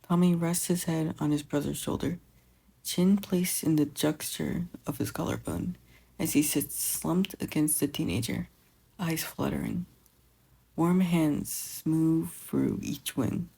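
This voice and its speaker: Fan fiction narrator, quiet, gentle, slow, gravelly, mellow. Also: medium pitch, low-quality recording. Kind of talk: audiobook narration.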